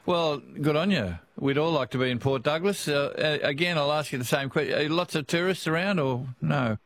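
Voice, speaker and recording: A man hosting a talkback radio show, relaxed and friendly, laughing easily. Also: on the high side, normal speed. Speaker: radio host.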